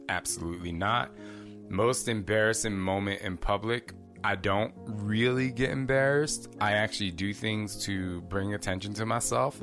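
A man hosting a casual question-and-answer vlog, talking candidly and chatty, rambling with asides. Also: sits low. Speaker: fitness host answering viewer questions.

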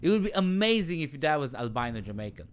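A man's voice: a little high, very animated, rapid-fire, smooth. A man co-hosting a podcast, telling rambling stories in casual banter and swearing freely. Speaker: podcast co-host.

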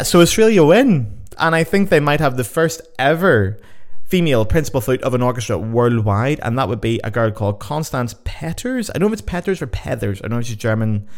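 A podcast host on a sugar high counts down results game-show style, excitable, jokey, and sweary.

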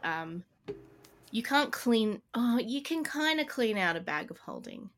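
A woman's voice: on the high side, big pitch swings, measured pace, a bit bright. A woman co-hosting a casual tabletop-game podcast, rambling and laughing often. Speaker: podcast co-host. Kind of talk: casual chat.

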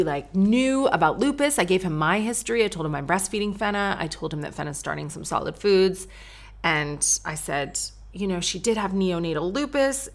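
A woman's voice: lowish voice, a bit bright. A woman in her thirties hosting a casual solo podcast from her studio, talking bluntly and chattily, with swearing and quoted asides. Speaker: podcast host. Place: podcast studio with the doors open.

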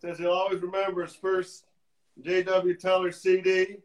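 Relaxed, chuckling male co-host. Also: sits high, normal speed. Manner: relaxed joke-telling, chuckling. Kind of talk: casual chat on a live music stream.

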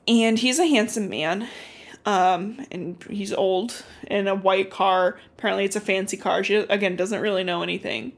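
A young woman co-hosting a podcast, casually recapping a book as an animated storyteller who swears and uses lots of fillers. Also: mid-range voice, normal speed, gravelly. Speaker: podcast co-host.

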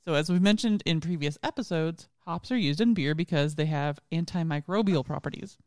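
Giggly woman co-host, smooth dry voice. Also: sits low, a little fast, darkish tone, dry recording. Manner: giggly, laughs through her lines. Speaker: podcast co-host. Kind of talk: casual chat, reading notes on beer microbes.

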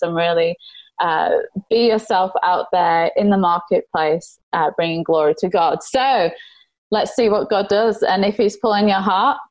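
A woman's voice: fairly low pitch, a little mellow, dry recording, rough recording. A woman hosting a faith-based business podcast, gushing and emotional as she introduces her guest. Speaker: podcast host.

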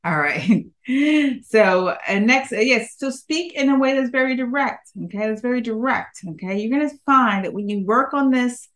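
A woman who is a public speaking coach giving an emphatic talk to her audience, often checking in with "okay?" and swinging her pitch up and down for emphasis. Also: moderate pace, a bit bright.

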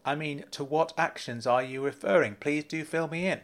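A man's voice: fairly high pitch, moderate pace, voice pushed up, lightly acted. A man voicing a firm, insistent wealthy businessman in a storybook reading. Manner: blunt and insistent.

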